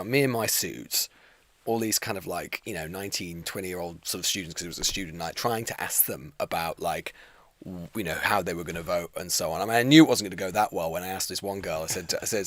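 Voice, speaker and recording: A man co-hosting a news podcast, rattling off a rambling story at speed. His pitch leaps and dips all over the place as he piles on filler words. The studio sound is close and dry. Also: fairly bright tone, dry recording. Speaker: podcast co-host. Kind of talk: casual live Q&A chat.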